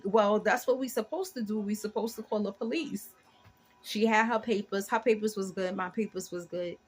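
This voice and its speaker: A woman in her forties with an African American English accent tells a story to her viewers in a chatty, animated way and acts out each person's lines. Her voice is husky and sits a little low. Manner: chatty, animated retelling with quoted dialogue. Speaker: vlogger.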